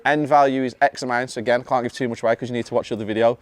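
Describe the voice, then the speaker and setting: A British man chatting casually in a vlog, upbeat and joking, talking in quick bursts. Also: mid-range voice, steady tone. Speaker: property investor vlogger.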